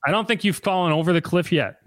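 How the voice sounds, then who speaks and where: A man's voice: sits high, fast talker, fairly bright tone, dry recording. Guy hosting a sports podcast, rambly and loose, dry close mic. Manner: loose and conversational, frequent restarts. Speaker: podcast host and sports reporter. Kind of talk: casual sports podcast chat.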